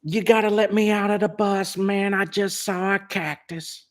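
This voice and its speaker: A man imitating a dazed, mellow male guitarist friend with a high-pitched, drawling voice. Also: fairly even intonation, normal speed, close to an everyday voice.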